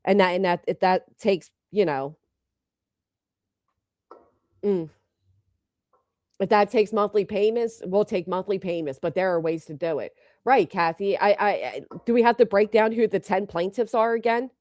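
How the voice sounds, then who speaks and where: A woman's voice: mid-range voice, moderate pace, long pauses, darkish tone, dry recording, clean studio sound. Blunt, profane woman livestreamer. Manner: blunt and profane, reads viewer names. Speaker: livestream host. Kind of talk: heated livestream commentary.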